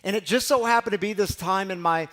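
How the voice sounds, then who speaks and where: Passionate preacher man, slightly high voice. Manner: dynamic, swinging from hushed and slow to loud and emphatic; heartfelt, storytelling preacher with repeated phrases. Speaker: pastor. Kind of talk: sermon.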